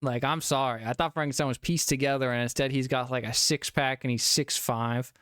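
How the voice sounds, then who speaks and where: A young man with a mid-range, steady, fairly bright and clean voice reviews a movie casually on a live stream, a bit tipsy from drinking. He talks fairly quickly, rambling, swearing, and laughing often, in a dry, studio-quality recording.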